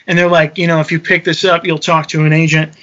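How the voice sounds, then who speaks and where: A young man casually telling a travel story, animated and swearing freely while acting out the quotes. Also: a little high, quick pace, muffled recording. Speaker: touring musician telling a story.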